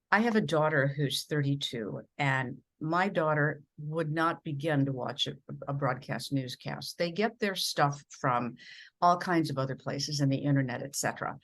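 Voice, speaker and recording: Low-voiced earnest woman from Minnesota. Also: a bit bright. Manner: earnest, emphatic storyteller. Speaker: guest, veteran TV news journalist. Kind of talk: conversational interview storytelling.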